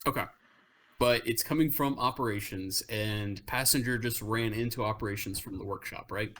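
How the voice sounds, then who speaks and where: A man's voice: on the low side, normal speed, fairly bright tone. A man playing in a tabletop game, easygoing and rambling as he thinks aloud about his moves. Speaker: player. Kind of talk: casual tabletop game play.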